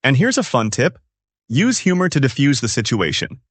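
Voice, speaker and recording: A man co-hosting a scripted podcast for English learners. His mid-range voice swings widely in pitch as he explains tips in an upbeat way. The recording is dry and close, with no room sound. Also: very animated, normal speed, fairly bright tone, slightly rough, dry recording. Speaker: podcast co-host.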